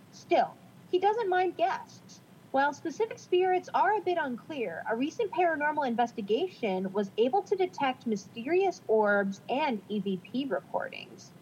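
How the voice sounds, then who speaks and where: A woman's voice: high voice, a little mellow, muffled recording, a little hiss or hum. A woman co-hosting a casual podcast, reading from notes in a chatty, self-deprecating way. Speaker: podcast co-host.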